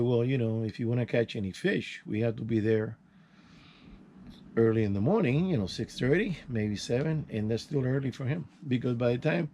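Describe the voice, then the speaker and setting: An older man talks in a relaxed, mellow tone, drifting from one story to the next as he works with his hands. His delivery is folksy and unpolished, full of restarts and sound words like "boom.". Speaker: channel host. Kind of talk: casual vlog storytelling while working.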